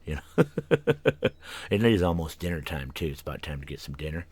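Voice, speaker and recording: Tired and yawning, a very deep, husky-voiced man hosts an internet radio talk show, wandering from one tangent to another with plenty of ums in a casual monologue. His delivery is sing-song, a little mellow and moderately paced. The studio mic records him close and dry, with no room sound at all.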